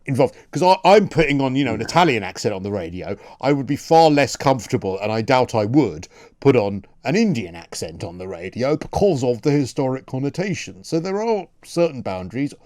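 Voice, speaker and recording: Animated male radio host, dry studio sound. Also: medium pitch, dry recording. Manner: animated, quick rhetorical questions with stumbles. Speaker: radio talk show host. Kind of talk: opinion radio discussion.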